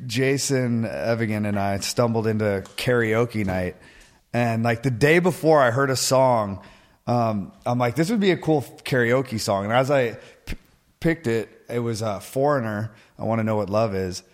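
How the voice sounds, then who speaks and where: A medium-pitched man speaks at a measured pace while co-hosting a podcast. The chat is loose and casual, and he swears and laughs often.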